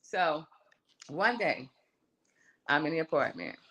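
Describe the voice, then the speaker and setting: Animated woman telling her story. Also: low-pitched, slow pace. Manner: animated, acts out her own voice and inner voices, calls the listener "girl". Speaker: singer and songwriter guest. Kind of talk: personal storytelling on a live show.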